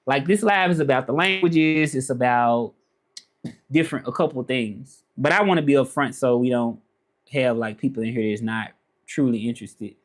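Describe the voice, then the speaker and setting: A man's voice: medium pitch, normal speed. Rambling man, live stream. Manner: relaxed, rambling, repeats phrases and asks "you know what I'm saying". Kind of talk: casual live-stream chat.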